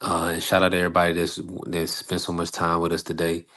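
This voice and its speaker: A man hosting a live boxing talk stream, giving shout-outs to the chat with plenty of uhs. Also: sits low, quick pace. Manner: shout-outs to chat, relaxed filler-heavy. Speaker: host.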